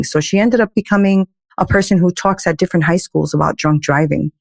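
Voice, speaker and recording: A woman's voice: fairly low pitch, brisk, gravelly, few pauses, no echo, studio quality. A woman guest on a podcast, a life coach, telling stories with emphatic, faith-filled energy. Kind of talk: casual podcast interview.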